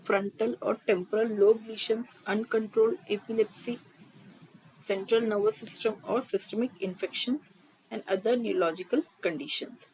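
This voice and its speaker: A woman teaches a nursing lecture, reading her notes at an even pace and then switching to rapid Hindi-English explanations. Her voice sits at a middle pitch. The audio is slightly dull, with a faint hiss underneath. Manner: reads terms steadily, then re-explains them quickly in Hindi-English mix.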